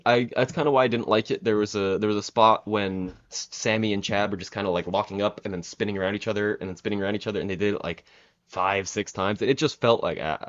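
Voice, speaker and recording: A young man with a fairly low voice chats through a casual review, rambling and restarting his sentences as he goes. The recording sounds a little dull and lo-fi. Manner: rambling, many fillers and restarts. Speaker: wrestling reviewer.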